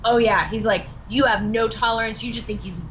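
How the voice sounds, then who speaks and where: A woman guest on a podcast interview, telling animated stories full of acted-out quotes and laughter. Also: fairly high pitch, fairly quick, muffled recording, heavy background noise. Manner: bubbly, animated storytelling with quoted dialogue and laughs. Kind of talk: casual interview chat.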